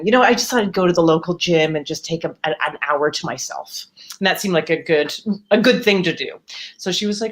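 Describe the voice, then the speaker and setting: A woman telling a personal story for a live storytelling show, conversational and animated, jumping up in pitch when she acts out quotes. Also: a little fast. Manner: conversational with fillers and self-interruptions.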